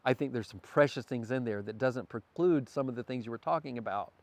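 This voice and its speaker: A man's voice: medium pitch, fairly quick, darkish tone. Earnest, spiritual man in conversation. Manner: earnest, spiritual, stammers at times. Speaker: podcast guest. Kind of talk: casual conversation.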